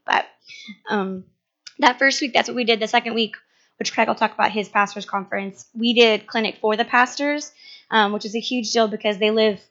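A woman with a Minnesotan accent tells a church group about a medical mission trip in a chatty, unpolished way, full of "um"s and quick restarts. Her voice sits at an ordinary pitch but has a bright, forward edge. It comes through a handheld microphone on a dull, lo-fi recording. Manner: chatty, many fillers, quick self-corrections. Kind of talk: casual spoken report to a church group. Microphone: large handheld microphone. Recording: dull lo-fi sound.

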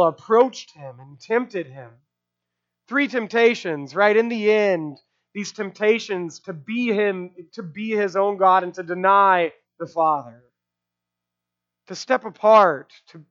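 A man's voice: sits high, fairly bright tone, dull audio. A man preaching a sermon, emphatic, with rhetorical asides and repeated phrases. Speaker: pastor.

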